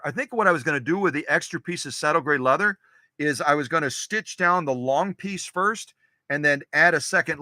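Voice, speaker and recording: A man's voice: a little high, pushed and bright, dry recording. A man hosting a live-stream sewing machine workshop, chatty and digressive, often repeating his phrases. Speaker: sewing machine restorer, show host.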